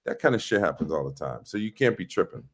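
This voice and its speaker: A middle-aged man with a somewhat low voice talks casually as a guest. He tells animated stories and slips into the voices of the people he quotes. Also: fast talker. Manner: animated storyteller who acts out quoted voices. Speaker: actor guest. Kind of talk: casual interview chat.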